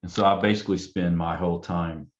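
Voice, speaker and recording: A man with a low voice speaks as a counselor, loose and conversational. He slips into a gentle, curious tone to act out what he would say to parents. The sound is dull and lo-fi. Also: steady tone, a little fast. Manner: acts out client and parent dialogue in a softer, curious tone. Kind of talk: casual panel talk.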